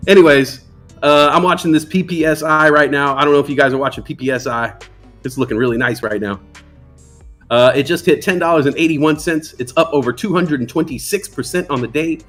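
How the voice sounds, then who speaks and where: A man's voice: a little high, fairly quick, fairly bright tone, faint music behind. A man hosting a casual trading livestream, joking around and reading out chat comments. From New York. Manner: playful, jokey, reads chat aloud. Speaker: livestream stock trading host.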